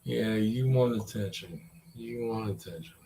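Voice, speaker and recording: A man's voice: on the low side, measured pace, mellow. A man in his forties rambling in a casual, profane chat and talking to his dog. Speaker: vlogger.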